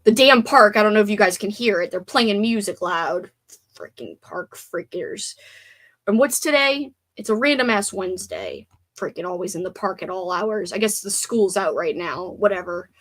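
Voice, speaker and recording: A woman hosts a livestream, chatting casually, reading viewer comments aloud and grumbling with playful swearing. Her medium-pitched voice is a bit bright, and she keeps a moderate pace with few pauses.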